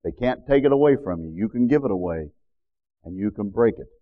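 A man's voice: fairly low pitch, animated, a little fast, narrow, tinny audio. Preacher man leading a covenant prayer. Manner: leads repeat-after-me prayer, then shouts praise and speaks in tongues. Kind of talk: sermon with congregational prayer.

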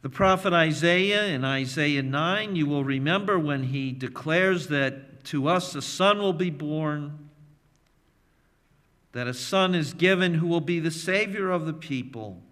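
A man preaching a sermon as pastor, emphatic and measured, leaning on repeated phrases. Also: a little high, a bit bright. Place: church sanctuary. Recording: long reverb of a church hall.

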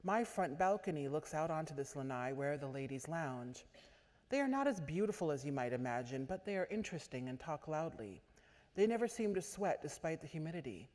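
A woman author giving a measured literary reading at a stage microphone in a large auditorium. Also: low-pitched, lively intonation, a little mellow. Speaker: author reading her fiction. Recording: echoey auditorium.

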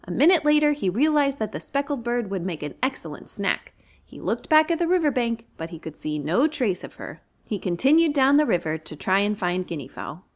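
A librarian reads a children's storybook aloud in a clear, expressive way. Her delivery is animated and brisk, with pitch swinging widely.

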